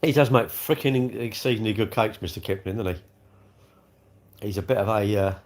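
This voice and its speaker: A man's voice: fairly low pitch, moderate pace. A man hosting a casual livestream, chatty and rambling, often chuckling as he talks. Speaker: livestream host. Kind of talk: casual live chat eating cake.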